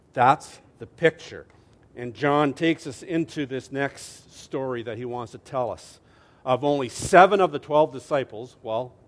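A pastor with a medium-pitched voice preaches a sermon like a lively storyteller. He swings from loud to hushed and keeps asking his listeners "right?".

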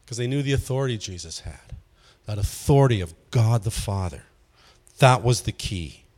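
A man's voice: fairly low pitch, expressive, moderate pace, a little mellow. A man giving an informal teaching sermon, asking the room questions and chuckling often. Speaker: pastor leading a Bible study.

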